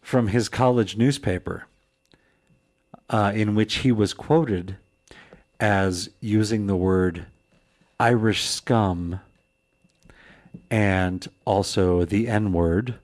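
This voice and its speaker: A man narrating as a player in a tabletop game, halting and stumbling over his words. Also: fairly low pitch, darkish tone.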